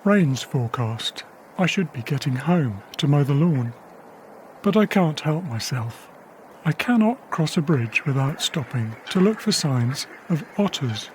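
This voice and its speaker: Quiet reflective male documentary narrator. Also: on the high side, lively intonation, measured pace, a little hiss or hum. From England. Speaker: wildlife cameraman narrating. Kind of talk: scripted diary narration. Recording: faint river ambience behind.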